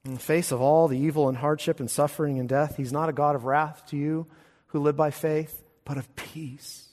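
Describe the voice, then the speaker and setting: A man preaching a sermon as pastor, emphatic, swinging between hushed lines and loud, ringing ones. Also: fairly high pitch, steady tone, fairly quick. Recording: long hall reverb.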